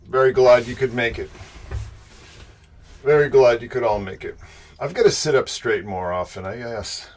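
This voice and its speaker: A man's voice: mid-range voice, a bit bright. A middle-aged man from the Boston area with a Boston accent, casually greeting chat viewers by name as he opens his livestream. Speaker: livestream host.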